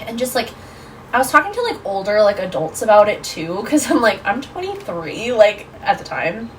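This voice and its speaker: A woman in her twenties, a podcast guest, telling a story in a casual, animated way, full of "like". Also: medium pitch, fairly quick, far from the mic, a little hiss or hum, poor audio. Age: 20s. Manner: animated, lots of fillers like "like".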